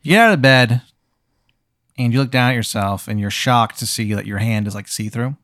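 A man's voice: medium pitch, moderate pace, a bit bright, no room sound, studio quality. A man hosting an improvised role-play game, narrating in a rambling, casual way with lots of "like"s and swearing. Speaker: game host.

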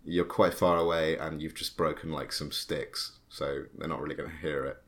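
A man's voice: very deep voice, steady tone, normal speed. A man narrating a tabletop game as game master, hesitant with many fillers and restarts.

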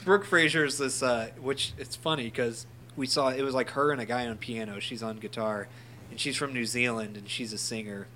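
A man's voice: medium pitch, fairly even intonation, normal speed, pauses often, bright, forceful tone, a little hiss or hum. A man co-hosting a casual podcast, telling a funny story with plenty of laughs and swearing. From St. Louis area. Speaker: podcast co-host. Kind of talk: casual chat.

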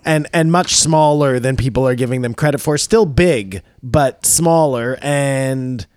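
In a casual podcast chat, a male co-host rambles along with lots of fillers and false starts. His mid-range voice is unhurried, smooth, and darkish, captured dry with studio quality.

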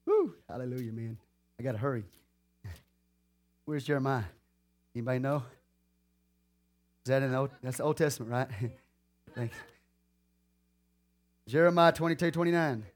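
A man's voice: mid-range voice, moderate pace, long pauses. Preacher man calling out to his congregation. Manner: lively preaching, calls out to the congregation. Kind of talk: sermon.

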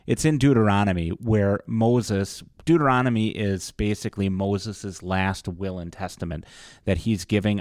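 Deep-voiced man explaining Scripture. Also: a little mellow, dry recording, studio quality. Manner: explanatory, teacherly. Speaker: pastor co-host. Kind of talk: casual Bible study discussion.

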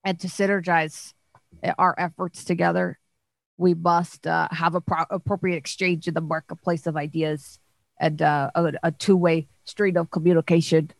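A flustered, evasive young woman, as a woman game master plays her who hides behind corporate buzzwords. Low-pitched and close, with a dry sound. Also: flat delivery, normal speed, creaky, no echo. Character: rambling young woman spouting business jargon.

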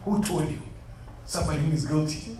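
In an echoey room arranged with chairs, a man with a warm, brisk, somewhat high voice leads youth group Bible study. He preaches interactively, earnestly asking questions and calling his listeners "beloved." The mic sits far off and a faint hum runs underneath.

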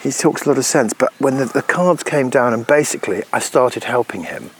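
A man's voice: medium pitch, expressive, noisy background. A man telling wry anecdotes in casual chat, often restarting his sentences. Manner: wry, storytelling, halting restarts.

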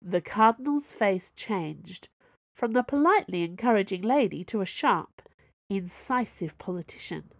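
A woman reading a science fiction story aloud in an even, measured audiobook style. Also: mid-range voice, vocal fry, no room sound. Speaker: narrator. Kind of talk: audiobook narration.

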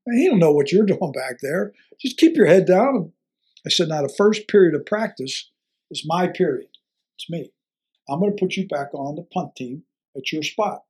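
An older man, a former football coach, telling a story in an interview in an animated way, acting out the dialogue and chuckling often. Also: a little high, normal speed, slightly rough.

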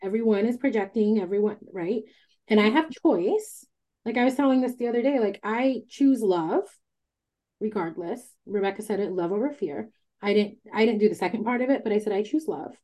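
A woman hosting a candid casual chat, talking emphatically, swearing freely and telling stories in an animated way. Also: mid-range voice, a little fast. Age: adult with a child. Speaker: podcast host.

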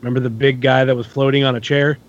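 A man's voice: mid-range voice, little pitch movement, fast talker. A man whose voice comes through a dull, muffled mic. He speaks hesitantly, often stumbling and restarting before he gets the point out. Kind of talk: casual chat.

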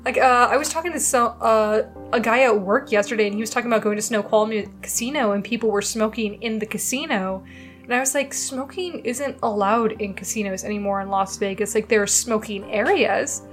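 A woman in her thirties co-hosts a chatty podcast and laughs easily. Her voice sits a little high, and faint music plays underneath. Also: fairly quick. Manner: giggly, chatty, does silly voices. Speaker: podcast co-host. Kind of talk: casual chat and read-out narration.

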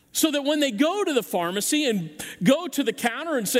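Animated high-voiced male pastor. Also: quick pace, hardly any pauses, in a large hall. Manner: animated storytelling with acted-out voices; frequent restarts and repeated words. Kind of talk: sermon. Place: church sanctuary.

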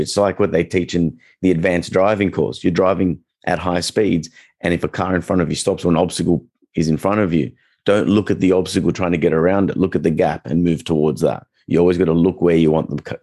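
A man with a deep, low voice chats easily about training dogs. He keeps a loose, conversational flow and slips into short acted-out reactions to make his points. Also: fairly quick. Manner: relaxed, chatty, acts out quoted reactions. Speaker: dog trainer. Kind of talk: casual podcast chat.

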